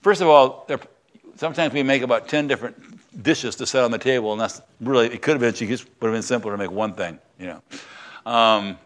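With a medium-pitched voice and a fairly quick pace, an older US pastor, now semi-retired, leads a conversational Bible lesson and questions his congregation during the sermon.

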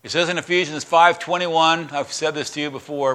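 A fired-up man preaching to his church, bright and forceful in tone. He talks with excitement, swings between loud declarations and quiet asides, and often trips over and restarts his words. His voice sits a touch high for a man. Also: brisk, hardly any pauses. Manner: impassioned, excited, with many restarts and stumbles. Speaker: pastor. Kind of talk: sermon.

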